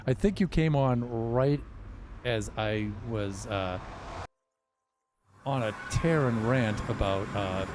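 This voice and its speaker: A man's voice: medium pitch, background noise. An older man streaming a game, chatting in a rambling, wry way with self-mocking asides. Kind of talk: casual gameplay chat.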